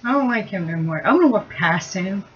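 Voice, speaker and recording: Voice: mid-range voice, expressive, fairly quick. A tabletop game player who talks sarcastically and swears often. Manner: sarcastic, cursing, laughs easily. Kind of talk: casual tabletop game play. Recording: dull lo-fi recording with faint hiss.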